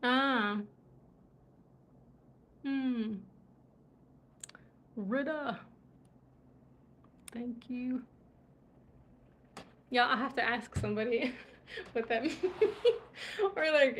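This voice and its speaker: Indoors in Morocco, an American livestream host casually chats while reading viewer comments, laughing often and trailing off into murmurs. Her bright, slightly high voice is extremely slow, with long pauses, and she sounds tired from travel. A little hiss or hum is audible.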